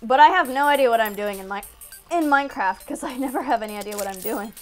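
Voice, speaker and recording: A young woman giving excitable gameplay commentary into a desk mic, talking to herself with lots of exclamations. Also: on the high side, fast, faint music behind. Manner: excitable self-talk, frequent exclamations and laughs. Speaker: gaming channel host. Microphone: desk microphone.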